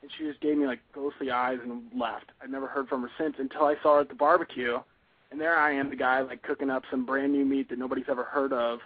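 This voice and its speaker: A young man calling in and telling a story in a casual, rambling way, offhand and matter-of-fact even about grim details. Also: medium pitch, fast talker, husky, no room sound. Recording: tinny dry phone line.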